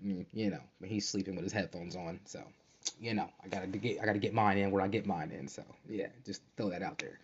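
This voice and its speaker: Fast-talking low-voiced man ranting. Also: lo-fi sound, a little hiss or hum. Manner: fired-up, profane, streetwise slang with many fillers. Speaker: podcast host. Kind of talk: casual solo podcast rant. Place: bedroom at night, roommate asleep.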